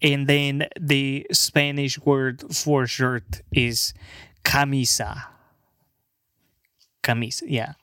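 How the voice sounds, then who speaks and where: A young man rambling casually through a word list, halting and stammering, swearing and laughing along the way. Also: medium pitch, little pitch movement, pushed and bright, smooth, no room sound, studio quality. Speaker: language video maker.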